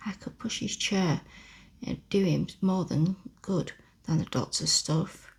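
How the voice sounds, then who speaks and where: A woman voicing a kind country boy in a whispered role-play, speaking gently in a low, husky whisper. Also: unhurried, heavily acted. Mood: gentle.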